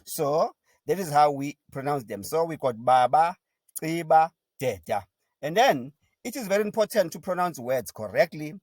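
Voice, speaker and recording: A man teaching a pronunciation lesson, sounding out syllables one by one and repeating each word slowly and deliberately. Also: on the high side, animated, a little mellow, no echo. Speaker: language teacher.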